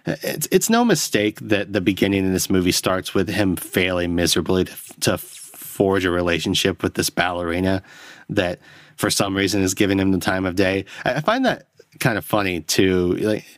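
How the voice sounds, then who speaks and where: Solo podcast host, man, deep voice, rambling and profane with self-mocking asides, dry studio sound. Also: animated, moderate pace, no room sound. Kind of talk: solo film review rant. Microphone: close podcast microphone.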